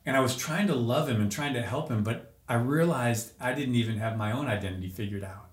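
A man gives personal testimony during a podcast interview, telling an emotional story in an earnest, searching way with frequent restarts. He talks at a brisk clip with medium pitch, recorded in an echoey room.

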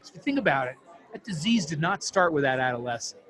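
A man speaks in a slightly high voice, earnest and heartfelt, as he tells a story from his work with families dealing with addiction. His talk is interview storytelling. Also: sing-song, fast talker, a bit bright. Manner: earnest, heartfelt, moved to emotion. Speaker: family addiction program counselor.

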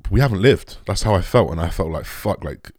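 A young man talking candidly and emotionally to his viewers, halting often, restarting sentences and swearing. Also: low voice, animated, a little mellow, husky, dry recording, clean studio sound. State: emotional, shaken. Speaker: vlogger. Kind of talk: candid personal talk to camera.

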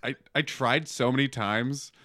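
A man's voice: medium pitch, steady tone, unhurried. A man co-hosting a podcast, joking crudely and swearing, laughing often. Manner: loud, profane, laughs often. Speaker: podcast co-host. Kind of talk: crude comedic banter.

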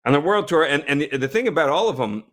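A man hosting a casual chat, telling a story in a relaxed way with frequent restarts. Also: a little high, fast.

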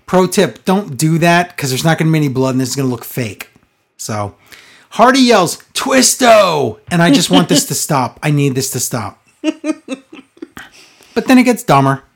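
A podcast host in loose, casual chat, recapping a show with biting sarcasm. The delivery is exasperated and mocking, and often drags out the words for effect. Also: medium pitch. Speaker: podcast co-host reviewing wrestling.

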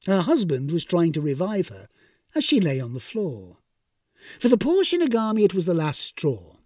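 Wry, lively male storyteller. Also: sits high, normal speed, no echo, clean studio sound. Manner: wry, expressive comic narration. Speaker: narrator. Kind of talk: storybook reading.

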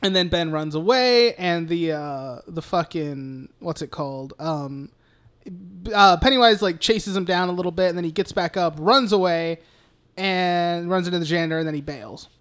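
Here a man with a somewhat high, fairly bright voice talks at a moderate pace, sounding clear and resonant. He co-hosts a podcast, cursing freely and rambling through a film recap packed with "like" and "uh."

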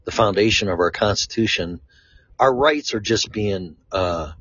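Blunt, low-voiced man from Chicago. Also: measured pace, fairly bright tone, husky, dry recording. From Chicago, USA. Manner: blunt, rambling, swears freely. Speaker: vlogger. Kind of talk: casual monologue. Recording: dull lo-fi, dry sound.

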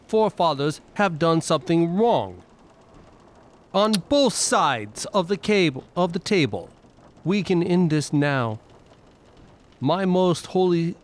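A man voicing an earnest, proud young royal in a tabletop game, speaking slowly with deliberate pauses. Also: on the high side.

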